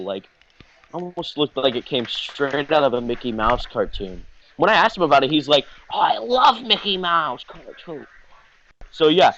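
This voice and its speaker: A man rambles through a story on a podcast, cursing freely and leaning on fillers. His voice sits at an ordinary pitch. The audio is dull and lo-fi. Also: fairly bright tone, slight background noise. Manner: rambling, profane, full of fillers. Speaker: podcast host. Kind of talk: casual comedic storytelling.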